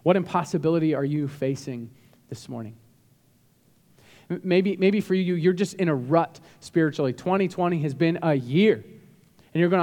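A man preaching a sermon as a pastor, animated and emphatic, with bursts of rising intensity. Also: on the high side, normal speed, pauses often. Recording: long hall reverb.

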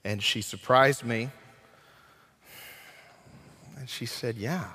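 A man delivers a sermon in a church hall, his voice sitting a little high for a man. He speaks earnestly and dramatically, slowing down to stress key points. A long reverb trails every phrase. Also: a bit bright, a little hiss or hum. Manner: earnest, dramatic delivery with acted quotes and slowed emphasis. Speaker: guest preacher.

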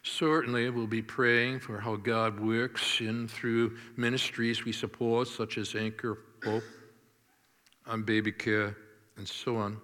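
Slow, emphatic man preaching a sermon. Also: medium pitch, little pitch movement, pushed and bright, in a large hall. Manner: deliberate, emphatic preaching with stressed key words. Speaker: pastor.

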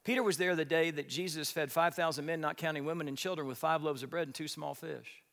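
A man preaching a sermon, telling stories with big swings, shouting at the high points and dropping to a whisper. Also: steady tone, fast. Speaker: pastor. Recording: long hall reverb.

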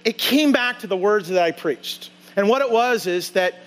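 A man's voice: high-pitched, expressive, normal speed, fairly bright tone. A male pastor preaching a conversational sermon in a church, telling a story and acting out his own side of the dialogue. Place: church sanctuary.

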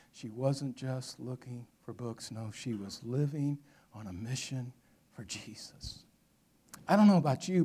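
Guy preaching, tells a story, goes quiet and hushed for the sad bits. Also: medium pitch, breathy edge. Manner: storytelling with dramatic drops to a hush. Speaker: pastor. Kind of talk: sermon storytelling.

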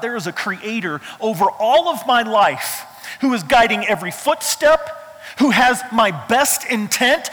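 A man's voice: sits high, pushed and bright, breathy edge. A middle-aged man, a pastor, preaching a sermon in an emphatic, conversational way with touches of humor, in a church. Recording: reverberant hall sound.

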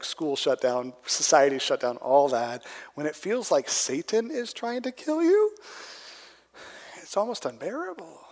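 A man's voice: fairly high pitch, darkish tone, big-room sound. A man preaching a sermon in a conversational way, often asking "right?" to a room with people present. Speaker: pastor.

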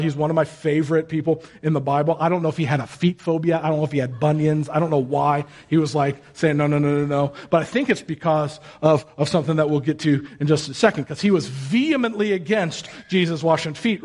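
A man's voice: a little high, fast, few pauses, a little mellow. A male pastor giving a conversational sermon, telling the story in a casual, joking way.

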